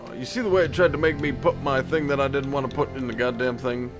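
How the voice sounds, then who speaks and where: A man's voice: mid-range voice, fairly even intonation, fast talker. A man casually commenting while he plays a game. He rambles, swears a lot and makes joking asides to himself. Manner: rambling, profane self-talk with joking asides. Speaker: gameplay streamer. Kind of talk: casual let's-play commentary. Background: game music.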